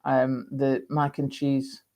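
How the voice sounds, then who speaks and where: A woman's voice: rumbling low, monotone, slow pace, a little mellow. A woman hosting a casual live stream, chatting rambly and reading out viewer comments with lots of ums. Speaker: livestream host.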